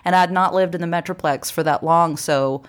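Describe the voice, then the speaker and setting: A woman in her forties from Arkansas tells stories in a relaxed, chatty way. Her voice sits a little low for a woman, and she laughs easily between sentences. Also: fairly quick. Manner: chatty storyteller, laughs often. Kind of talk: casual chat.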